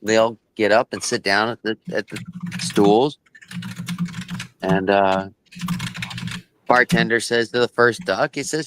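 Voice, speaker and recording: A man's voice: lowish voice, measured pace, long pauses, fairly bright tone. A man hosting a casual live stream with friends, often repeating and restarting his words as he tells a joke.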